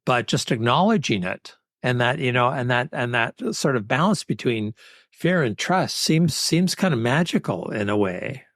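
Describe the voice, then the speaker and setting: A man hosting a podcast interview who muses thoughtfully, often pausing to search for his words. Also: mid-range voice, lively intonation, fairly bright tone, no echo, clean studio sound. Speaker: podcast host. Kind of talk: reflective interview chat.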